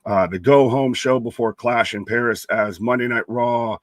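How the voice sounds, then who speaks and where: A young man with a mid-range voice speaks a little slowly on a dry recording. He co-hosts a live wrestling watch-along stream, chatting casually and reading viewer comments out by name.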